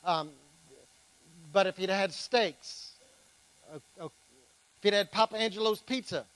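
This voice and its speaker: High-voiced man preaching emphatically. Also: measured pace, a bit bright, no room sound, low-quality recording. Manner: emphatic preaching with joking asides. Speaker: pastor. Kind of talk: sermon.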